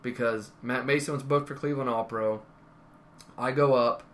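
A man's voice: medium pitch, fairly even intonation, normal speed, fairly bright tone, a little hiss or hum. A man telling rambling wrestling stories in casual conversation, often correcting himself. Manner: rambling, self-correcting anecdotes. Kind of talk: casual storytelling.

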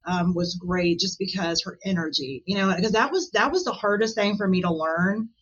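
A woman talking as a podcast guest in a casual interview, chatty and animated, often laughing. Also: lowish voice, moderate pace, highs cut off, a little hiss or hum.

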